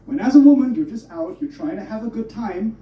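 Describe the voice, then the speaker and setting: A young man from Germany doing a stand-up comedy set, animated and self-interrupting as he jokes. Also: high-pitched, brisk. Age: young adult. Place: comedy club stage. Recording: roomy, muffled club audio from a distance.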